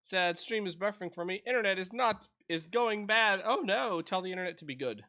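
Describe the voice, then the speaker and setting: A man's voice: high voice, expressive, brisk, sharp tone. A man giving casual, rambling commentary while he plays and reviews a small indie game. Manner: rambling, chatty, self-interrupting. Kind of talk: casual let's-play commentary.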